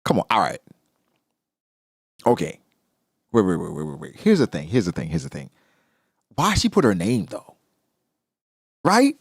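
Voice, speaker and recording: A man giving casual, excitable reaction commentary on a manga chapter, exclaiming and joking as he reads. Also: fairly low pitch, a little slow, vocal fry, long pauses, slightly rough, no echo, clean studio sound.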